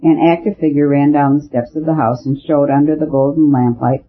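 A man narrating a detective story in a steady, measured reading. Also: fairly high pitch. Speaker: audiobook narrator. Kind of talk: scripted narration. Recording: narrow phone-like sound.

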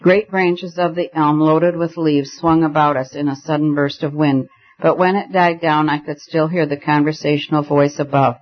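A man's voice: a little high, steady tone, moderate pace, highs cut off. Man reading a novel in first person. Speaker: audiobook reader.

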